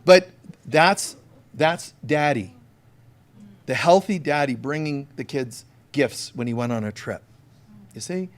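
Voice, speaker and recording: A man's voice: medium pitch, slow pace, pauses often. A man preaching a conversational sermon as a spiritual teacher, emphatic and storytelling, talking straight to his listeners. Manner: emphatic, direct address to listeners.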